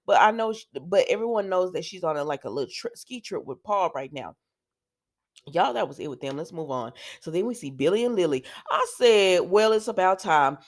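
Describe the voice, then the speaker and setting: A woman's voice: lowish voice, animated, a little fast. A woman hosting a casual soap opera recap, chatting through the episodes with asides to her viewers.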